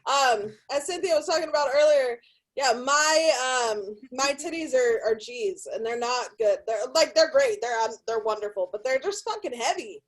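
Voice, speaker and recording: A middle-aged woman from California with a high voice works through raunchy stand-up. She is blunt and profane, swearing casually throughout, and she is recorded in a hotel room. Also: normal speed, low-quality recording. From Sacramento, California. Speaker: stand-up comedian.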